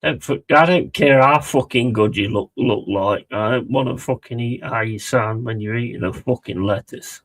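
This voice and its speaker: A man's voice: mid-range voice, moderate pace, few pauses, a bit bright, rough recording. A man chatting casually on a live stream, rambling, mocking and swearing a lot.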